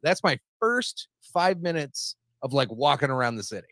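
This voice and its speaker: A man's voice: a little high, lively intonation, normal speed, fairly bright tone, no room sound. A man hosting a podcast, telling a long story in a casual, rambling, profane way and laughing at his own jokes. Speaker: podcast host.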